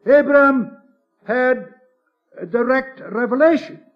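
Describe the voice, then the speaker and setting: A man's voice: extremely high pitch, slow pace, lo-fi sound, soft background music. A man preaching a sermon, earnest and emphatic, calling his listeners beloved.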